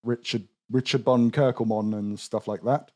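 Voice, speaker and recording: A man's voice: mid-range voice, steady tone, moderate pace, dark tone. A man with a southern English accent hosting a gaming podcast, chatting and reading out listener messages. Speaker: podcast host. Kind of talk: casual chat.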